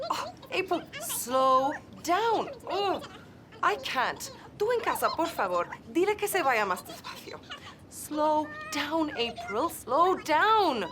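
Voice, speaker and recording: Exasperated psychic, high and slow, faint hiss behind. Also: female voice, heavily acted. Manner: exasperated, impatient. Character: tense female painter turned harried psychic. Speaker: sketch character. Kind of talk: comic TV sketch acting.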